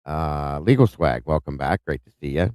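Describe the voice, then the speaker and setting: A deep-voiced man hosting a live stream, greeting viewers one by one in a chatty, upbeat way. His voice is smooth and clear, recorded close and dry with no room sound. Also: expressive, moderate pace, no echo. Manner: upbeat, chatty, reads out viewer names warmly with small stumbles. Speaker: host of a live true-crime stream.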